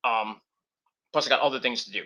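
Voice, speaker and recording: Man, wrestling predictions host, very bright tone, rambling, off-the-cuff, profane. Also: mid-range voice, a little fast, muffled recording. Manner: rambling, off-the-cuff, with cursing and mocking nicknames. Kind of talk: casual wrestling predictions chat.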